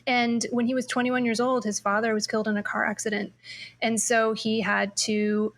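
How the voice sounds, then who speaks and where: A woman hosts a casual podcast panel, her voice sitting a little high. She talks with eager enthusiasm, sharing stories in a relaxed conversational flow. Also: moderate pace. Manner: enthusiastic, storytelling. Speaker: podcast host.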